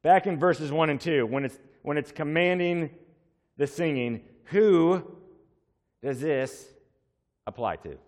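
A man preaching a sermon, explaining slowly and repeating words for emphasis. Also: a little high, a little mellow. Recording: long hall reverb.

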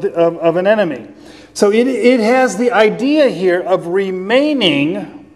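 Man, pastor, sermon, high-pitched voice, earnest teaching, slow scripture reading, long church reverb. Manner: earnest teaching with pauses and repeated phrases; slows down to read scripture aloud.

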